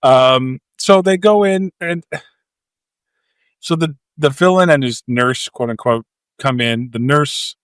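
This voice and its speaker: A Canadian man co-hosting a movie podcast speaks slowly in a smooth, mid-range voice, recorded with no room sound. He recaps scenes in casual, animated chat, acting out quotes and sound effects.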